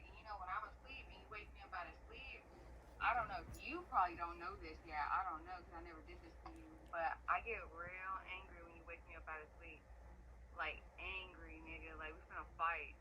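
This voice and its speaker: A woman's voice: mid-range voice, a little fast, slightly rough. A young woman in casual chat, telling a story bluntly and with lots of swearing, often breaking into laughter. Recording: muffled lo-fi recording.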